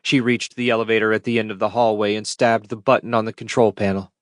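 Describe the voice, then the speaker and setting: Low-voiced male audiobook narrator. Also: level tone, fast talker, no echo, clean studio sound. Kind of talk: scripted narration.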